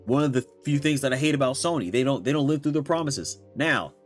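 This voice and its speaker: A man's voice: medium pitch, quick pace, soft background music. A young man ranting heatedly about games, swearing and talking in slang. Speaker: gaming commentator. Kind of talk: angry reaction rant.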